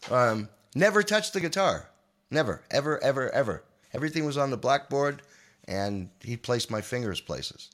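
A man in his sixties, a guest guitarist on a podcast, telling an emotional story in an animated, manic way and often repeating his words. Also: medium pitch, normal speed.

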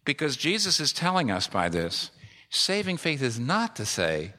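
A man's voice: mid-range voice, wildly swooping pitch, moderate pace, pushed and bright. A middle-aged male pastor preaching a sermon with emphatic repetition. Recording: long reverb of a large hall.

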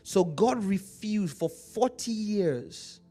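A male pastor with an African accent preaches with rising, emphatic delivery, his voice sitting a little higher than most men's. He slows to intone scripture and keeps checking that his listeners follow, with soft music playing underneath. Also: lively intonation. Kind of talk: sermon.

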